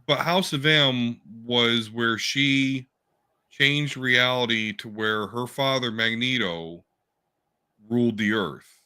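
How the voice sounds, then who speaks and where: A man's voice: mid-range voice, slow pace, pushed and bright, clear, resonant tone. A man co-hosting a podcast in casual chat, rambling fan talk about comics with the odd swear word over a remote call mic. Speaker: podcast co-host.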